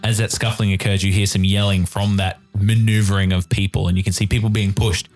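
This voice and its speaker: A low-voiced man runs a tabletop game as game master, describing the scene in a deliberate, descriptive way. Faint music plays underneath him. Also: little pitch movement, darkish tone.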